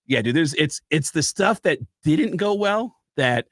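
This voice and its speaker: A man's voice: a little high, measured pace, dry recording, studio quality. A man, a stand-up comedian, telling stories on a talk show in casual chat and acting out the lines of the people he quotes. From United States. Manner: animated storyteller who acts out quotes. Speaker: guest, stand-up comedian and impressionist.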